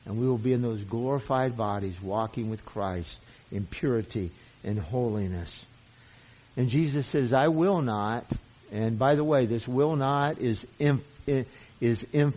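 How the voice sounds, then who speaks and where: A man's voice: mid-range voice, dark tone. A man preaching a sermon, earnest and emphatic, who often repeats himself as he presses a point. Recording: dull lo-fi sound.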